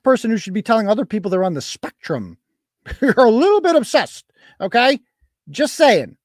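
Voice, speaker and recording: Animated, sarcastic male live-stream host. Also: sits high, moderate pace, no echo, studio quality. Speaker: show host.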